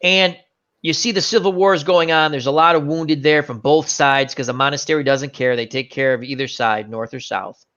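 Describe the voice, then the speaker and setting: Bright-voiced man retelling a story. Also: a little high, normal speed. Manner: animated retelling with fillers and self-corrections. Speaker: host. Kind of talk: casual chat. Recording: dull lo-fi recording.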